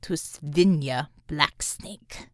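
A woman voicing a stern, cold female commissar who speaks in a clipped, flat way through clenched teeth. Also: medium pitch, unhurried, no room sound, clean studio sound. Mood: flat whisper.

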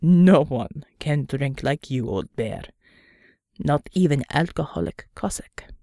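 A woman's voice: low-pitched, slow, gravelly, dark tone, no room sound, voice pushed down, exaggerated voice. A woman doing a weary, dry male leader. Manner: dry, exasperated.

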